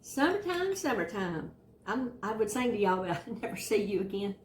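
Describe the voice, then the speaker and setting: A chatty, folksy woman with a Southern US drawl walks viewers through a home meal, cheering them on as she goes. Her voice sits at an ordinary pitch and carries a roomy kitchen echo, with a faint hiss underneath. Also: normal speed. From Southern United States. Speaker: cooking channel host. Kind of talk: casual cooking demonstration.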